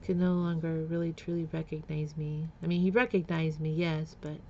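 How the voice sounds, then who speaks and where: Gravelly-voiced woman telling a painful story. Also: low-pitched, level tone, moderate pace, darkish tone, dull audio, a little hiss or hum. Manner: candid, emotional, with nervous laughs and repeated words. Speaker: vlogger. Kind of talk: personal storytelling vlog.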